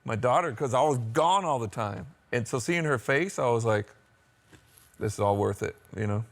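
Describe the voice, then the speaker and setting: A man's voice: mid-range voice, animated, normal speed. An American man in a band, telling his story in a rambling, open way during a casual interview. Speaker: band member.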